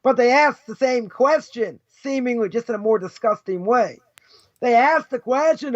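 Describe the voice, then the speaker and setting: A passionate man lecturing as a rabbi, with a very high voice that swings between sarcasm and near-shouting. The sound is dull and muffled, recorded dry and close with no room around him. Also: no echo. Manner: loud, passionate, sarcastic, quick mock voices for others. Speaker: rabbi teaching a lesson. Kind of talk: fiery lesson.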